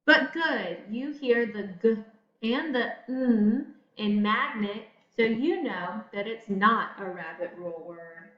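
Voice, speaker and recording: A woman teacher giving a recorded spelling lesson, talking slowly and encouragingly to young students. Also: on the high side. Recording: echoey room, dull lo-fi audio.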